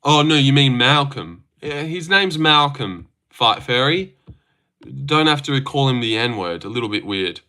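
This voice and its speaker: A man's voice: mid-range voice, animated, a little slow, bright, forceful tone, clear, resonant tone. A young man chatting casually on a stream, joking, teasing and swearing as he reacts.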